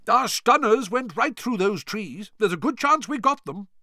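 A man's voice: sits high, expressive, normal speed, bright, forceful tone, no echo, studio quality, voice pushed up, heavily acted. A man voicing a confident, bearded middle-aged wizard who speaks with assurance.

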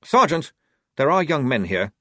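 A prissy, pompous young officer with a raised, mannered voice, as a male reader puts him on. The storybook reading leaps about in pitch and sounds dry and close. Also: very animated, moderate pace, fairly bright tone, dry recording. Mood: prim. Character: prim, earnest young officer, man, pompous and fussy.

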